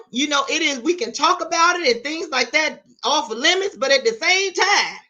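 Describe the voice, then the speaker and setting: A woman's voice: high-pitched, bright, forceful tone. A woman from Virginia hosting a gossip commentary live stream, blunt and sassy, cursing freely and calling her viewers "y'all" and "honey.". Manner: swears freely, dramatic retelling. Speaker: YouTube commentary host.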